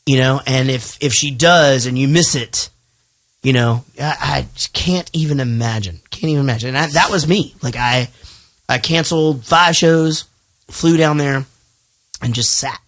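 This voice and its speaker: A man's voice: medium pitch, moderate pace, a bit bright. A man hosting a podcast in casual chat. He rambles and swears freely. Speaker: podcast host.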